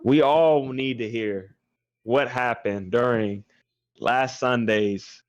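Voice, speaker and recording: A man's voice: medium pitch, takes it slowly, dry recording, highs cut off. A man hosting an esports podcast in casual chat, teasing the guests and laughing through his stories. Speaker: podcast host.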